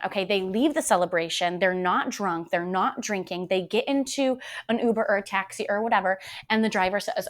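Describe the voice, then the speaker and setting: A woman's voice: on the low side, fairly even intonation, fairly quick. A woman hosting a casual book podcast, talking in a gushing, emotional way and often repeating herself. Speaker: podcast host. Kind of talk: casual book review chat.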